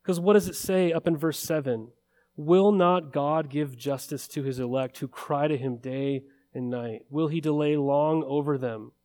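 Earnest male preacher, higher-pitched voice. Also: fairly even intonation, moderate pace, a little mellow. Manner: earnest, building emphasis with repeated phrases. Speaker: pastor. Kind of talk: sermon.

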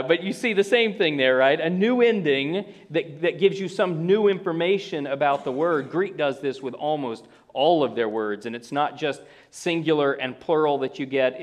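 A man preaching with slow emphasis. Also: a little high. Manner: slow emphatic phrasing with pauses, small restarts. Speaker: pastor. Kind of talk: sermon.

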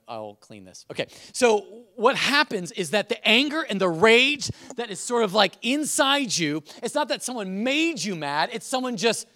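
Animated high-voiced male preacher. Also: no room sound, clean studio sound. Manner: animated, swings from quiet asides to loud bursts; casual, uses fillers. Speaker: pastor. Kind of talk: live sermon.

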